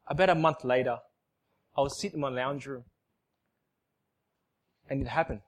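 A man giving an emotional church testimony, emphatic and repetitive, swinging from loud outbursts to soft, hushed lines. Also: medium pitch, moderate pace. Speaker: speaker giving a personal testimony.

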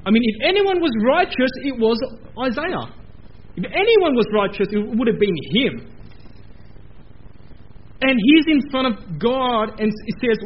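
A man preaching a sermon in a church, animated and repeating phrases for emphasis. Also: very high voice, a little slow, pauses often, muffled recording. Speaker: pastor. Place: church building.

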